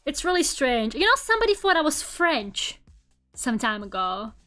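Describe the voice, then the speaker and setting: A young woman with a light Russian accent, chatting casually on a stream, self-mocking and quick to laugh loudly. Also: high voice, very animated, faint music behind. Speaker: Vtuber streamer. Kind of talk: casual chat while drawing. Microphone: streaming microphone at home.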